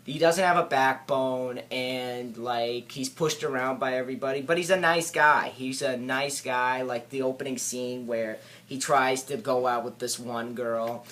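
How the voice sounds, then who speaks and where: A man's voice: mid-range voice, steady tone, fairly bright tone. Hesitant young man reviewing a film. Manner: hesitant, halting, many filler words and restarts. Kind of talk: casual spoken film review.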